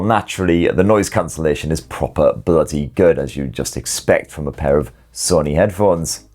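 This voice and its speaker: A man's voice: low-pitched, a little mellow. A man with a British accent presenting a scripted headphone review in a wry, jokey manner with plenty of slang. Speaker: tech reviewer.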